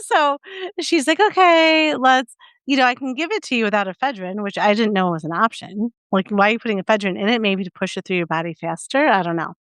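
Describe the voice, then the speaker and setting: A woman's voice: medium pitch, a little fast, fairly bright tone, dry recording. A young adult woman co-hosting a podcast in casual chat, telling a story animatedly with lots of fillers and acted-out quotes. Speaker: podcast co-host.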